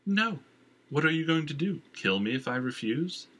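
A man reading an audiobook, voicing a cool, composed woman guild boss with a calm, purring, melodic manner. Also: on the high side, normal speed, breathy edge, voice pushed up, heavily acted. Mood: purring defiance.

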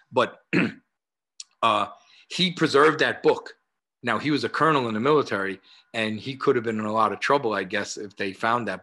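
A man in his sixties with a New York accent, speaking as a guest over a video call. His voice is bright and forceful. He tells stories with animation, acting out each side of a conversation between frequent "uh" fillers. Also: on the low side. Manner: animated, acts out dialogue, many "uh" fillers. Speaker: guest, martial arts historian. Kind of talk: conversational storytelling.

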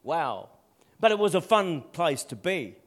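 A pastor preaching a sermon, calling out for amens and dropping to a soft, intimate voice at times. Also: male voice, on the high side, big pitch swings, a little slow. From Netherlands. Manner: call-and-response preaching, asks for amens.

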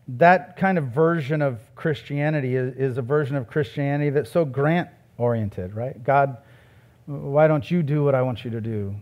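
A man's voice: medium pitch, muffled recording. A man who is a pastor, preaching a sermon in a conversational way that builds to emphatic, raised passages.

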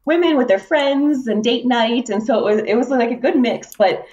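A woman's voice: on the high side, moderate pace, a little mellow, muffled recording. Female podcast reviewer, chatty and filler-heavy, slightly off-mic. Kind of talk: casual film review chat. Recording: voice a bit far from the mic.

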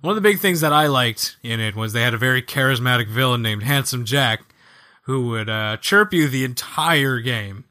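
A man co-hosting a podcast, chatting casually about video games in a jokey, animated way and acting out lines from the game. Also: mid-range voice, normal speed. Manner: animated, jokey, acts out quoted game characters. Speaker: podcast co-host.

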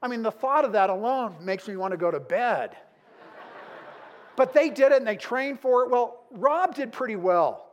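A middle-aged man preaching a sermon in a storytelling way. His voice sits high for a man, and he swings from emphatic, rising questions to quiet, intimate lines. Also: expressive, normal speed, dull audio. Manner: dramatic, storytelling, shifting between emphatic and hushed. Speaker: pastor.

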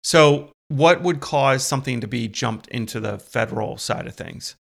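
A man with a gravelly, creaky voice at a middle pitch co-hosts a casual talk. He asks follow-up questions and reacts with surprise. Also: expressive, normal speed. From Pennsylvania, US. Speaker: co-host. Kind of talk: casual discussion.

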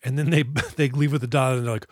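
A man's voice: medium pitch, steady tone, fast talker, darkish tone, dry recording, clean studio sound. A man co-hosting a movie podcast, joking casually, swearing and acting out scenes. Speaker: podcast co-host.

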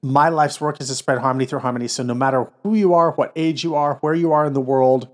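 A man's voice: mid-range voice, steady tone, fast. A man, an a cappella producer and arranger, talking as a guest in an interview with eager, earnest energy. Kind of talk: enthusiastic interview talk.

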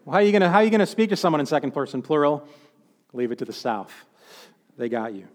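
Male preacher, high voice, chatty sermon with wry asides; long hall reverb. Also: big pitch swings, fast talker. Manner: conversational, with joking asides.

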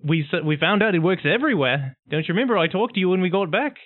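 A man's voice: high voice, expressive, fast, no room sound. A man with a put-on New Zealand accent, playing a tabletop game in character with jokes and laughs. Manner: jokey, laughing often. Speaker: player. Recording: tinny phone-like line.

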